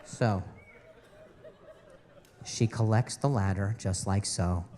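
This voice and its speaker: A man's voice: lowish voice, slow, warm tone, some chatter behind. A man doing stand-up, telling a story with exasperated, mock-outraged asides. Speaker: stand-up comedian. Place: live comedy stage before an audience.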